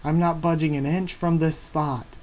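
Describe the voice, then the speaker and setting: A man's voice: fairly high pitch, fairly even intonation, moderate pace, a little mellow, pitched above the performer's own voice, close to an everyday voice. A man reading out the lines of a stubborn, loyal young male pirate captain, speaking them defiantly.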